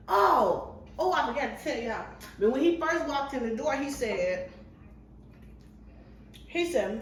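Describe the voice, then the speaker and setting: Cooking in her kitchen, a vlogger and barber in her fifties tells a story with animated, chatty, colloquial flair. She speaks a little slowly in a high voice. The mic sits far away, making the sound roomy, with a bit of background noise.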